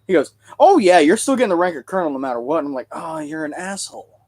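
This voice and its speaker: A man's voice: a little high, very animated, racing, darkish tone. A man hosting a casual livestream, rambling through stories and jokes. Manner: rambling storytelling, joking. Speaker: livestream host and Civil War reenactor.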